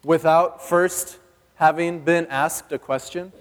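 A man's voice: fairly high pitch, steady tone, slow. A male pastor preaching a sermon in a church hall, chatty and joking, asking the congregation questions. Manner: conversational and joking, asks the audience questions. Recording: long reverb of a church hall.

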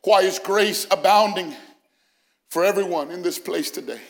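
A male senior pastor preaching an Easter sermon in a church, building from quiet reasoning to shouted, sung-out climaxes. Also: sits high, moderate pace. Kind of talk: Pentecostal-style Easter sermon. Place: church sanctuary, also broadcast.

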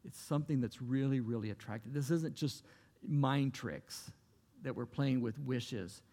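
A man's voice: medium pitch, unhurried, mellow, in a large hall. A man preaching a sermon as a pastor, earnest and conversational, with repeated phrases.

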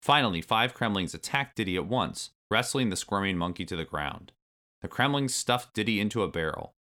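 A man narrating a children's storybook aloud with expressive delivery. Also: on the low side, fairly quick.

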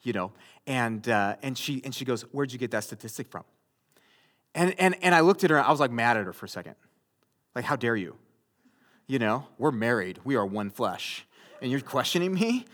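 A man preaching a sermon in a conversational way, with loud, emphatic bursts. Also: medium pitch, lively intonation, normal speed. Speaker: pastor.

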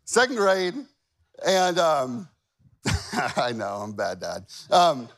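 A man's voice: a little high, very animated, slow pace, fairly bright tone. A man in his forties preaching a sermon in a chatty, self-deprecating way, often asking the crowd questions. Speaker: pastor. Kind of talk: sermon with personal stories.

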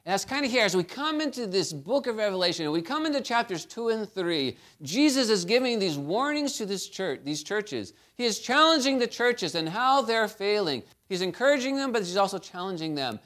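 Animated high-voiced male preacher. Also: brisk, hardly any pauses. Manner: storytelling, animated preaching with swings in loudness. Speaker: pastor. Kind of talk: sermon.

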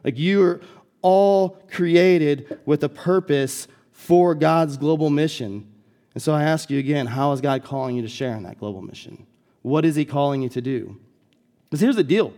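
Young american guy preaching, chatty and loose, bit high-pitched voice. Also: moderate pace, mellow. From United States. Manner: casual, conversational preaching with frequent "like" and "y'all". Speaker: guest preacher. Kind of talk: sermon.

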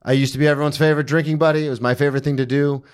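A man's voice: on the high side, level tone, very fast, clean tone. A man hosting a podcast in a loose, easygoing way, laughing often. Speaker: podcast host. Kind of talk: casual podcast chat.

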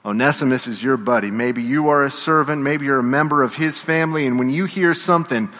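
A man's voice: mid-range voice, brisk, fairly bright tone. A man preaching a sermon, telling the story with energy and getting the congregation to call out responses. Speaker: pastor. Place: church. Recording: long reverb of a church hall.

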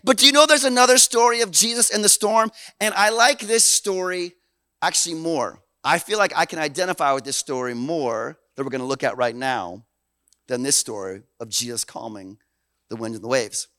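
A man from Canada preaching a sermon in an animated, folksy way, dropping low and then swelling loud. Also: normal speed, dry recording. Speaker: pastor.

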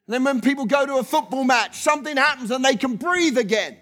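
A pastor delivering an impassioned sermon, his voice sitting unusually high for a man. He drives his points home with rhythmic repetition, letting the phrases pile up one after another. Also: animated, fast, a bit bright.

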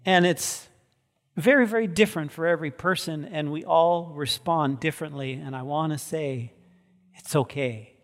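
A man's voice: on the high side, moderate pace. A man giving a sermon as pastor, earnest and emphatic, repeating key words for weight. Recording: long hall reverb.

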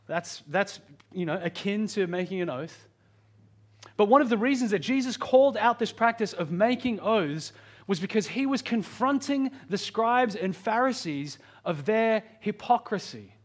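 Preaching with an earnest, pastoral manner, a man with a fairly high voice for a man sounds animated. He shifts pitch and pace for emphasis, drawing out key phrases slowly and hurrying past asides.

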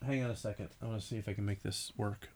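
A man's voice: lowish voice, fairly even intonation, rapid-fire, over loud music. A man co-hosting a podcast, chatting easily and laughing often. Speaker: podcast co-host. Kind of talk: casual podcast chat.

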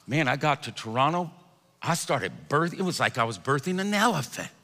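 A man preaching with animated storytelling, laughing and rising to shouts. His voice is high and very bright, and a long reverb trails behind it in a large hall. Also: normal speed. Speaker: pastor. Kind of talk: sermon.

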